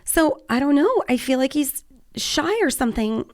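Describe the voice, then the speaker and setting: A woman's voice: sits high, lively intonation, normal speed. A woman in her forties with a Californian accent, hosting a podcast in casual chat, talkative, laughing often and swearing offhandedly. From Southern California. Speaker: podcast host.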